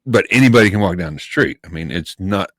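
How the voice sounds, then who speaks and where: A man's voice: deep voice, lively intonation, fast, a bit bright, no echo. A man co-hosting a podcast, telling asides in a dry casual way. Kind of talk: casual chat.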